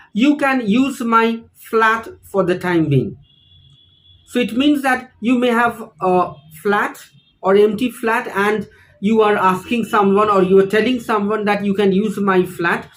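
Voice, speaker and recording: A teacher, explaining phrases slowly and deliberately in an online lesson, repeating each example. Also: mid-range voice, poor audio. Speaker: English teacher.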